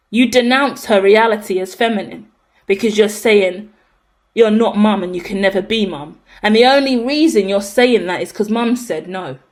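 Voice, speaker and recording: A woman ranting in a casual vlog, emphatic and swearing, swinging between loud outrage and low muttered asides. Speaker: tarot reader reacting to celebrity news. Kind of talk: impassioned casual rant.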